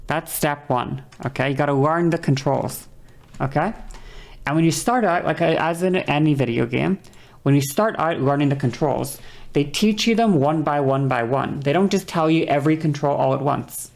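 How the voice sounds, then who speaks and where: Low, gravelly woman talking casually. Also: moderate pace, a little mellow. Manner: rambling, profane, repeats okay often; demonstrates voice changes with whispery and high vocal sounds. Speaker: streamer. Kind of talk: casual explanatory stream talk.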